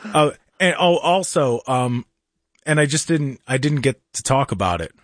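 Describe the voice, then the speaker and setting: A man's voice: mid-range voice, expressive, normal speed, no room sound, studio quality. A male talk radio host ranting in casual chat, with many restarts.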